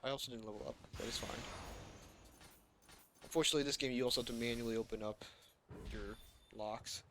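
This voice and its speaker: A man's voice: medium pitch, steady tone, fairly quick, bright, forceful tone, a little hiss or hum. A man streaming a video game, chatting casually about the menus and story, often stopping to correct himself and chuckling to himself. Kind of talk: casual gameplay commentary.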